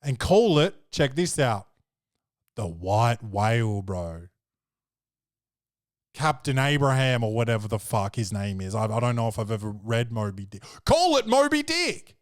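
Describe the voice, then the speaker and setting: A man hosting a podcast, talking in a rambling, profane, animated way. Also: on the low side, unhurried, dry recording, clean studio sound. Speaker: podcast host. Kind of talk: casual chat.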